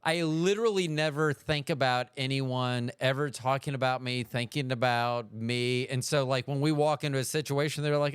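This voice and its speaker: A man's voice: medium pitch, fairly even intonation, normal speed, few pauses, clean tone, no room sound, studio quality. A man hosting a casual interview, asking rambling, self-interrupting questions. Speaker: podcast host.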